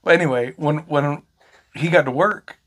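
A man's voice: on the high side, moderate pace, a bit bright. A man in his thirties, co-hosting a podcast at home, chatting casually and telling stories with plenty of swearing. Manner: swearing, storytelling. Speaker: podcast co-host. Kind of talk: casual chat.

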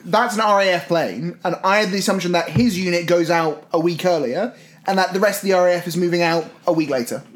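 A man co-hosting a podcast, teasing his partner with mock lectures about films in casual chat. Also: fast talker. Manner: teasing, mock-lecturing, drops into deep gruff voice for jokes. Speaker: podcast co-host. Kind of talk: casual film review chat.

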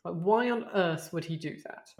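A woman's voice: lowish voice, moderate pace, a little mellow. A woman co-hosting a podcast, reacting in casual, chatty talk full of "like". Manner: chatty, reactive, uses lots of "like". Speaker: podcast co-host. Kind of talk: casual chat.

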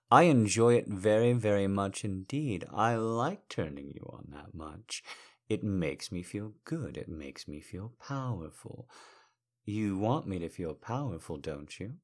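A man voicing a confident, teasing male lover in an intimate audio role-play, talking slowly and softly in a low murmur. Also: full character voice.

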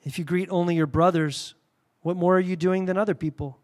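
A man preaching a sermon, telling stories candidly, with sudden loud bursts and quiet, reverent drops. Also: sits high, fairly even intonation, fairly quick. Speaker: pastor.

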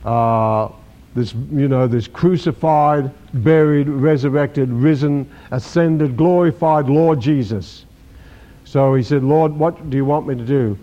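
A man's voice: medium pitch, slow pace, warm tone. An older man preaching a sermon, emphatic, repeating key words and acting out the scripture he quotes. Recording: dull lo-fi recording.

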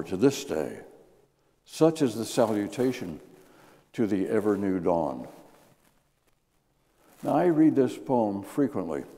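A man giving a New Year's Day sermon, reading scripture and a poem in a measured, expressive way. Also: medium pitch. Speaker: guest preacher. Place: church sanctuary. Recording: reverberant church hall.

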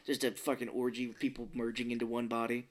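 A man's voice: mid-range voice, completely flat delivery, fast. A man co-hosting a podcast, chatting casually as he recaps a film, acting out the characters' lines in funny voices and swearing freely. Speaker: podcast co-host. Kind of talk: casual movie recap chat.

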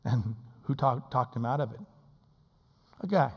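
A male pastor preaching a sermon in a church. He swings between shouting and hushed, intimate tones and acts out quotes in playful voices. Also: medium pitch, lively intonation, unhurried, breathy edge, in a large hall, highs cut off.

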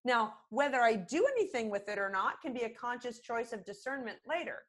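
Middle-aged woman, a little high, podcast guest and communication expert, lively, acts out quoted lines. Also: brisk. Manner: animated, expressive, acts out quoted phrases. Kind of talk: conversational podcast interview.

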